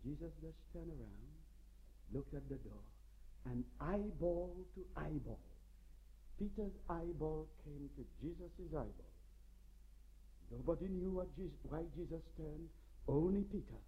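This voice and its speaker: A man preaches with a husky, slightly high voice that rises and falls widely as he drives his point home. He speaks slowly and emphatically, telling stories with dramatic flair. The recording sounds dull and lo-fi. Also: expressive. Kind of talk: sermon.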